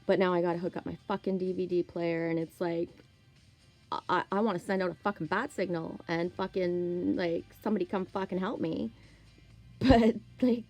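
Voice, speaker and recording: A woman in her forties talks in a loose, rambling way, swearing freely and speaking candidly. Her voice sits on the low side and sounds mellow. Faint music plays behind her. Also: steady tone, normal speed, rough recording. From Canada. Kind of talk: casual monologue.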